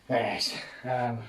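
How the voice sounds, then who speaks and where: A man's voice: medium pitch, fairly bright tone, far from the mic, a little hiss or hum. Rambling, sweary English man. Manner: rambling, sweary, self-mocking. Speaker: podcast host. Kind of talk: casual comic monologue.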